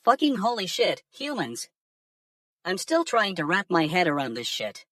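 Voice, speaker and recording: A woman's voice: on the low side, very animated, normal speed, a bit bright, no room sound, clean studio sound, distant mic. A woman voicing a crude alien conspiracy theorist who talks down to humans in a profane, mocking rant. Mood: scornful. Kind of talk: AI-generated news segment.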